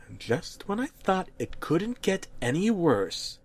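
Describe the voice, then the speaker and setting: A man's voice: mid-range voice, lively intonation, normal speed, hardly any pauses, bright, forceful tone. Man narrating a mock-serious horror story. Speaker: creepypasta narrator.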